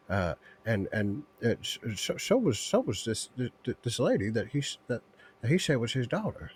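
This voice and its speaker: A man's voice: mid-range voice, big pitch swings, moderate pace, slight background noise. A man playing a tabletop game, speaking in character and stammering over repeated words. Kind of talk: in-character role-play.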